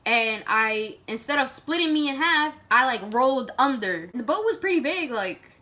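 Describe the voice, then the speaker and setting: A woman vlogger telling a story to camera in a casual, animated way, full of "like" and dramatic retelling. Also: high-pitched, moderate pace.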